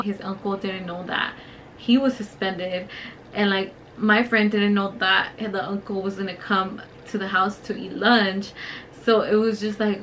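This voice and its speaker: A young woman tells a story as she does her makeup, swearing freely and using lots of fillers. Her voice sits at an ordinary middle pitch. She is close to the camera mic, with a faint noise behind her. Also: normal speed, rough recording. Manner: profane, filler-heavy, animated storytelling. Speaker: beauty vlogger. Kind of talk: casual storytime while doing makeup.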